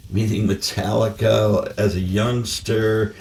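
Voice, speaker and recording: Interview host, low gravelly voice, friendly and brief, off-mic in an echoey room. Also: male voice, level tone, slow, a little mellow, far from the mic. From Michigan. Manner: friendly, brief affirmations and wrap-up. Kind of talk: casual interview.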